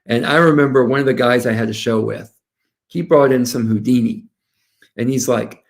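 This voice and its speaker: An older man in his sixties, from the American South, talks as a guest lawyer in a relaxed interview. His voice has a gravelly, rough edge, and he tells stories with plenty of animation, slipping into the voices of the people he quotes. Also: mid-range voice, normal speed. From Southern United States. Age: 60s. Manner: animated, storytelling, quoting others. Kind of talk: casual interview talk.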